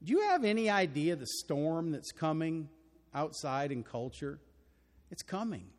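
An older man with a Texan accent delivers a sermon from the pulpit, earnest and emphatic, often swelling into loud, ringing declarations. His voice sits a little high for a man, and it trails off into the long reverb of a large church hall. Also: very animated, unhurried. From Texas. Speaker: preacher. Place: church auditorium.

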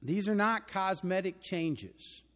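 An older man with a Texan accent preaching a sermon, earnest and emphatic, building to loud declarations. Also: high voice, expressive, takes it slowly, in a large hall. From Texas. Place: church auditorium.

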